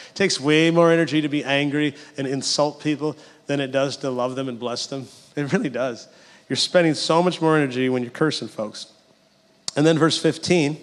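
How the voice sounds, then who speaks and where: A middle-aged man delivers a sermon at a mid pitch, chatty and anecdotal, with frequent asides to his listeners. His voice carries a long reverb tail, as if it is filling a large church sanctuary. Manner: conversational, storytelling with asides. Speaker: pastor.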